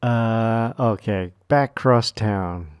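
Slow-talking male gameplay commentator. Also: on the low side, clear, resonant tone, no room sound. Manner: joking, rambling, reads menus aloud. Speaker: gamer. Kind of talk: let's play commentary.

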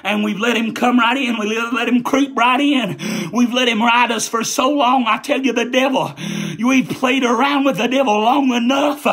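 A man delivers a Pentecostal holiness sermon in a strikingly high, husky voice. His preaching is fervent and repetitive, rising again and again into shouted declarations. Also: fairly even intonation, normal speed.

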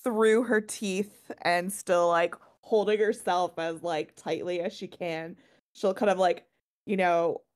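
Animated woman playing a tabletop game. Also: on the low side, takes it slowly. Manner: animated, laughing, many likes. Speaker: player. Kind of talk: casual tabletop role-play.

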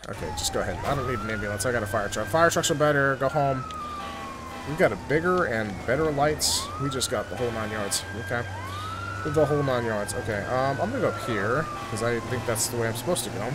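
A young man giving goofy, excitable commentary over his own video game playthrough, joking with his viewers. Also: medium pitch, fast, noisy background. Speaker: gaming YouTuber. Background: game music and sirens.

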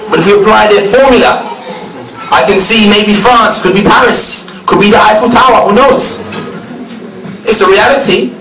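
A man giving a fiery public speech to an audience, mocking and often laughing as he talks, with drawn-out stressed words. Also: sits high, fairly bright tone. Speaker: speaker addressing an audience. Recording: echoey, distant, noisy room recording.

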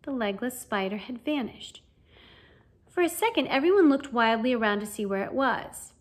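A woman narrating a children's fantasy novel as an audiobook reader, with a lively, expressive reading. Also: on the high side, normal speed. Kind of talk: storybook narration.

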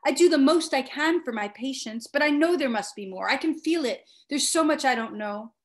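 An earnest young male medic from a storybook, pleading with quiet, steady insistence, voiced by a woman reading aloud. He sits in a fairly high register and never lets the matter drop. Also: normal speed.

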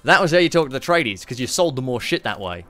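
A man's voice: medium pitch, big pitch swings, quick pace, pushed and bright, faint music behind. A young Australian man giving rambling, profane, joking commentary on a strategy game during a live stream. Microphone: streaming microphone.

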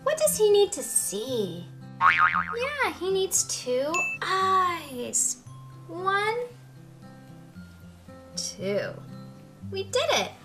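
A woman in her thirties hosting a children's educational video, with an animated, slow and clear sing-song delivery for toddlers. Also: extremely high pitch, music in the background. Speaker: preschool teacher host.

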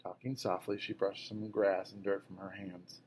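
A man reading a novel aloud in a steady way, now and then correcting a slip. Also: low-pitched, moderate pace, slight background noise, poor audio. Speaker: reader.

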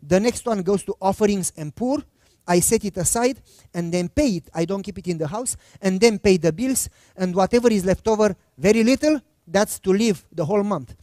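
A man's voice: high-pitched, normal speed, mellow, no echo, studio quality. A middle-aged male pastor preaching a sermon, telling a personal story in a conversational way and acting out the dialogue. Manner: conversational, acts out quoted dialogue.

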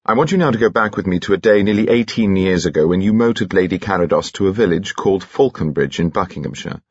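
A man playing a controlled, ardent police inspector, speaking quietly and measured. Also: deep voice, expressive, no room sound, highs cut off. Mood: formal, firm.

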